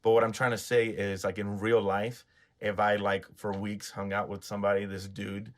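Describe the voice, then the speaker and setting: A man's voice: on the low side, flat delivery, moderate pace. A man hosting a casual movie podcast, rambling and searching for words as he makes his point. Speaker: podcast host. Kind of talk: casual chat.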